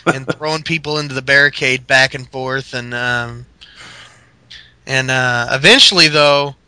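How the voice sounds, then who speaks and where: A man's voice: medium pitch, steady tone, unhurried, pushed and bright, smooth, no echo. A man co-hosting a podcast, rambling through a wrestling recap with fillers, laughs and swearing. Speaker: podcast co-host. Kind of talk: casual wrestling recap chat.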